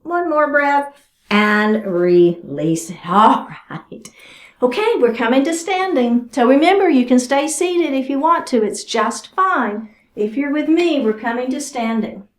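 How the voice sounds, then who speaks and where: A woman's voice: high-pitched, lively intonation, measured pace. A woman teaching a chair yoga class, giving chatty, encouraging cues while doing the stretches herself. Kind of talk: guided exercise class instruction. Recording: roomy echo.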